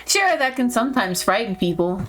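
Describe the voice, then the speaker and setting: A woman voicing a nervous middle-aged male pastor in a put-on Southern accent, talking softly and earnestly. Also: a little high, very animated, a little fast, soft background music. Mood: soothing.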